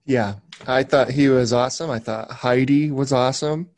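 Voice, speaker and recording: A man's voice: medium pitch, fairly even intonation, normal speed, darkish tone. A man co-hosting a casual talk show, telling a rambling, self-mocking story. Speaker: podcast co-host. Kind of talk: casual chat.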